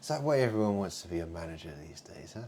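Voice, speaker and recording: A man vlogging in a rambling monologue, muttering asides and swinging between loud remarks and hushed ones. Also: sits low, expressive, quick pace, a little hiss or hum.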